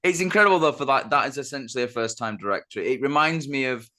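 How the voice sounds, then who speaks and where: A man co-hosting a film podcast in casual chat, gushing and animated, with lots of filler words. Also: mid-range voice, fast talker. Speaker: podcast co-host.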